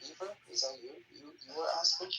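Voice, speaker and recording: A man's voice: fairly high pitch, fast talker, pushed and bright, reverberant, recorded from a distance, a little hiss or hum, poor audio. A man in an online voice chat brushing off insults in a curt, dismissive way. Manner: dismissive, curt, repeats he does not care.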